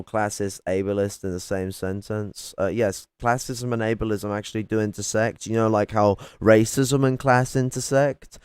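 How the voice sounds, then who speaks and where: A man's voice: fairly low pitch, a little mellow, clean tone, no echo, studio quality. A man in a heated live-stream argument at home, combative and sarcastic, lecturing and swearing casually. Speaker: political streamer debating chat. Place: home at night.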